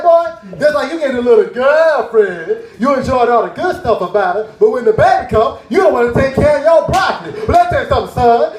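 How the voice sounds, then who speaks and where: A man putting on his preaching father, a middle-aged man with a booming sermon cadence. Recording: roomy cafe stage.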